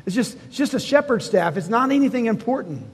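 A man's voice: very high-pitched, animated, brisk, husky, big-room sound. A man preaching a sermon to a congregation, talking in a conversational way, asking the listeners questions and acting out lines of dialogue from the story. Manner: conversational preaching, asks the congregation questions, voices God and Moses in quotes. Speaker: pastor. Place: church hall before a congregation.

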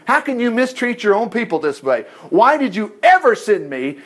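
An exasperated prophet pleads and complains in a strained, high voice, as a man puts him on during a Bible reading. His pitch leaps and swings widely. The delivery sounds pleading and fed up. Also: lively intonation, moderate pace.

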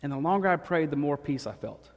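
A pastor preaching from the pulpit of a church, spinning a funny personal story with lively, joking energy. His voice sits a bit high for a man. A long hall echo trails after his words. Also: quick pace. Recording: echoey hall.

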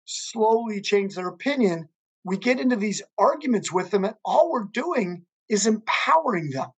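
A man's voice: high-pitched, vocal fry, slightly rough. Male podcast host, earnest, conversational, storytelling, restarts phrases. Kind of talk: conversational interview.

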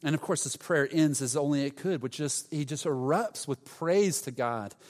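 Middle-aged pastor man preaching, storytelling, goes quiet then loud, long hall echo. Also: fairly high pitch, normal speed. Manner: storytelling, swings between hushed and loud bursts of passion. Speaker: lead pastor. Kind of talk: sermon.

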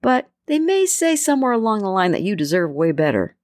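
A woman's voice: mid-range voice, big pitch swings, brisk, dry recording, studio quality. A middle-aged woman giving casual advice on friendship, chatty, often acting out little quoted exchanges. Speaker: self-help speaker. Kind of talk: casual advice talk to camera.

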